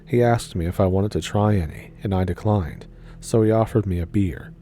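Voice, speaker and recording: Low, dark-voiced male storyteller. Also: moderate pace, a little hiss or hum. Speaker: story narrator. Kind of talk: reading a viewer story aloud.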